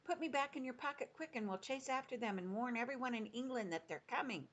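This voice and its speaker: A woman's voice: a little high, expressive, fast talker, pitched above the performer's own voice. A woman voicing a brave, indignant little girl who talks in an earnest, pleading way.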